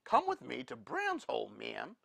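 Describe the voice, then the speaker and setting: A man voicing a frontier rancher who speaks gently in a drawl. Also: medium pitch, huge pitch swings, normal speed, creaky, exaggerated voice. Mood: calm.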